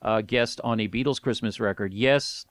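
Brief: male podcast co-host, slightly low voice, halting chatty delivery, dry close sound. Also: dry recording. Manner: hesitant, many fillers and restarts. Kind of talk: casual chat about music records.

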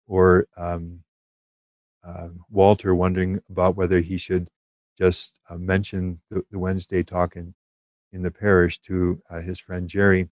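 A man, a priest, giving a spoken retreat conference in an unhurried, gentle way, with many fillers and restarts. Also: low voice, no room sound, dull audio.

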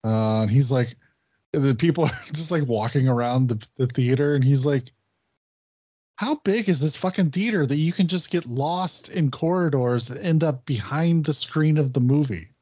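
A man's voice: medium pitch, moderate pace, mellow, dry recording. A man co-hosting a podcast, telling a story casually, swearing and acting out his friend's lines. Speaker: podcast co-host. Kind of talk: casual chat. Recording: dull lo-fi podcast audio.

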